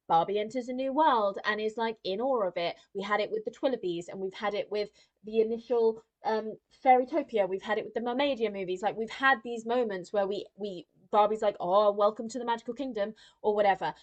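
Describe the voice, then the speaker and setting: A woman's voice: mid-range voice, fairly quick. A woman co-hosting a film podcast, ranting and swearing as she mimics characters in casual chat. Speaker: podcast co-host.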